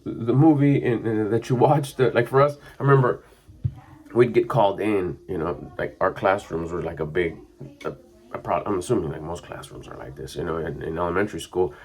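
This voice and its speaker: A man's voice: lowish voice, expressive, fairly quick, a little mellow, slightly rough. A middle-aged man, a mindset coach, talking in a rambling, casual monologue full of fillers. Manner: rambling and conversational, with frequent fillers.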